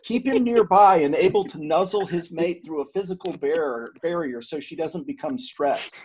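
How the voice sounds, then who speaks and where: A man on a podcast panel giving a deadpan, list-like delivery. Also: on the high side, normal speed, muffled recording, a little hiss or hum.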